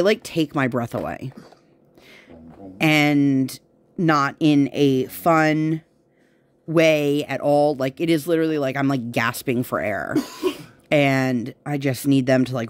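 A woman's voice: very deep voice, a little mellow. A woman talks to her viewers while she works at a craft table at home. Her chat is loose and rambling, full of tangents and everyday fillers. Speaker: crafting vlogger.

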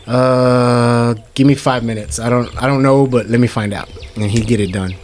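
A middle-aged man reminisces about his brother in a casual family chat. He rambles and fills his sentences with "you know," acting out voices from old conversations. His voice sits at an ordinary pitch, and faint noise runs behind it. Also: fairly even intonation, normal speed. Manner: rambling storyteller with many fillers and quoted dialogue. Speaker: brother sharing memories.

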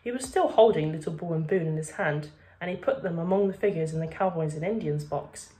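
A woman reading a children's book aloud with steady, expressive narration. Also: on the low side, fairly quick. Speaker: reader. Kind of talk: storybook read-aloud.

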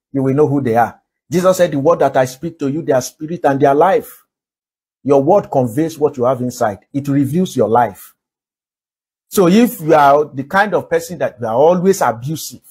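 Husky Nigerian man preaching a sermon. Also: fairly high pitch, a little mellow. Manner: emphatic preaching, shifts between quick and slow deliberate delivery. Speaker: pastor.

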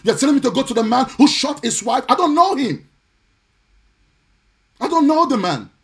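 A man preaching on a live stream, indignant and forceful, repeating his points and sometimes slipping into a sing-song cadence. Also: very high-pitched, big pitch swings, moderate pace, vocal fry. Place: home or church, streaming live.

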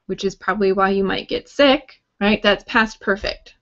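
A woman teaching a grammar workshop at an unhurried pace, friendly and explanatory, with light joking asides. Her voice sits at a middling pitch. The sound is slightly dull and lo-fi. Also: steady tone, clean tone. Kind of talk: recorded grammar lesson talk.

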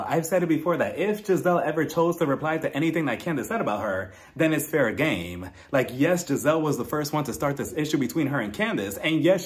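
A man giving a blunt, opinionated casual recap of a reality TV episode, talking straight to his viewers. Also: on the high side. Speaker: reality TV reviewer.

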